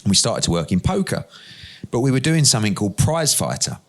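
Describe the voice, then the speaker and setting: A middle-aged man, an interview guest, telling lively anecdotes and acting out the dialogue in them. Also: lowish voice, quick pace. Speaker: interview guest, boxing promoter. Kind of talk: conversational storytelling.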